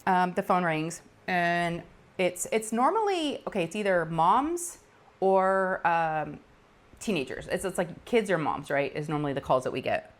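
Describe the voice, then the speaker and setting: A woman's voice: fairly low pitch, unhurried. A woman in her forties, telling stories in a casual chat and acting out the voices of callers. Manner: animated, acts out callers' voices, laughs often. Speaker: crafting channel host.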